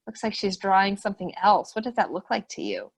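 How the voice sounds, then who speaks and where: A woman hosting a children's webinar, reading a picture book aloud and asking young children lots of questions with excited gasps. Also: medium pitch, fairly quick, husky. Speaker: children's program host. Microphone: webinar computer mic.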